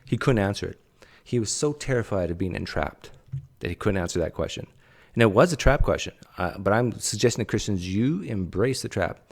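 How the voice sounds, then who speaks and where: Man, low-pitched voice going hoarse, casual commentator, frequent throat-clearing, wry. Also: lively intonation, fairly quick. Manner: clears throat often, sarcastic asides. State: voice straining. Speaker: channel host critiquing a recorded conversation.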